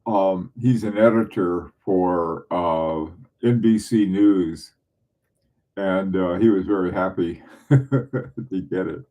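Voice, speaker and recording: A man's voice: low voice, takes it slowly, dark tone, muffled recording. A middle-aged man from southern New England chatting casually with viewers on a livestream, rambling with frequent restarts and chuckles. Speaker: livestream host.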